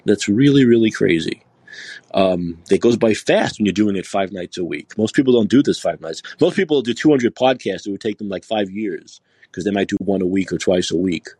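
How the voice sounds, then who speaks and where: A man's voice: fairly low pitch, brisk, darkish tone, husky, no echo. A man hosting a live call-in podcast, talking casually and sarcastically, rambling with many restarts. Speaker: podcast host. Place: San Francisco.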